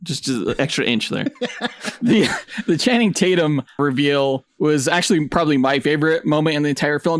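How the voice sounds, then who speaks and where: A man co-hosting a podcast, chatting casually in an excitable, jokey and profane way. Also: a little high, fairly quick, no room sound, studio quality. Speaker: podcast co-host. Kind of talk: casual chat.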